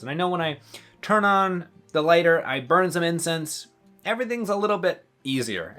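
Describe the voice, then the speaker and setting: A man talking casually to camera in a relaxed, rambling way, with many fillers and small laughs. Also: mid-range voice. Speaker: channel host.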